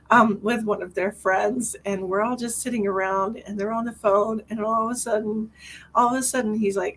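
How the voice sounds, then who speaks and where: A woman's voice: moderate pace, low-quality recording. Chatty gushing psychic woman in her forties. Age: 40s. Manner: chatty and rambling, laughs often, gushing warmth toward viewers; frequent restarts and fillers, sudden high excited greetings. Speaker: psychic medium. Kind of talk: live-stream psychic reading, casual chat.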